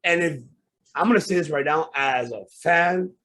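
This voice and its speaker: A man's voice: fairly high pitch, moderate pace, pushed and bright. A man hosting a podcast, ranting with heated, profane outbursts. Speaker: podcast host. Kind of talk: casual podcast rant.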